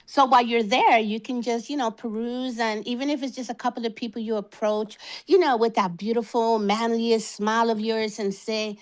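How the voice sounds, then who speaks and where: A woman's voice: on the high side, steady tone, normal speed, hardly any pauses, poor audio. A woman chatting in a live online audio space, playful and teasing, rambling with lots of "you know". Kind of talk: casual live-stream chat.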